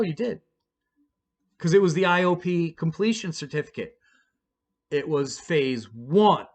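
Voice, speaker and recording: Blunt, profane man storytelling. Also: fairly high pitch. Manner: blunt, profane, rambling with restarts. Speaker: vlogger telling his own story. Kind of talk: casual storytelling.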